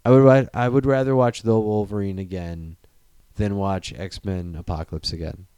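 A man hosting a casual movie chat, animated and profane, joking and laughing often. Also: lowish voice, moderate pace, smooth, no room sound. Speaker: podcast host.

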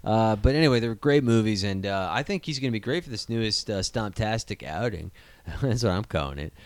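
A young man hosting a casual movie news podcast, animated and profane, breaking into excited outbursts. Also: on the low side, quick pace, clean tone, no room sound. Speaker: podcast host.

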